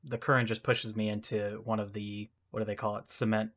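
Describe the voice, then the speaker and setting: A man's voice: on the low side, level tone, fairly quick, fairly bright tone. A young man telling a long personal mishap story in casual, self-deprecating style, full of restarts and asides. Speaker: podcast co-host.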